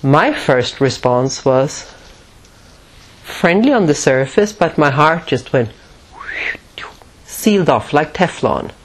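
A woman's voice: low-pitched, sing-song, slow, pauses often, slightly rough. Reflective woman telling a personal story. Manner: reflective, laughs often at herself.

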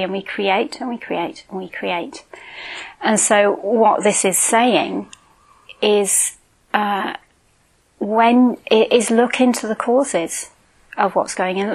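A woman meditation teacher giving a relaxed dharma talk, moving between reading a Buddhist fable and plain-spoken reflections. Her voice sits at a middle pitch and her delivery is informal, with small chuckling asides. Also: breathy edge, low-quality recording.

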